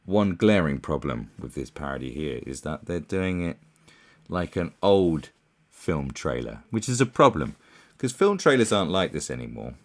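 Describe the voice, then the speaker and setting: A man's voice: a bass voice, big pitch swings, moderate pace. A man giving casual commentary, rambling and scornful, with many fillers and restarts. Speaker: commentary YouTuber.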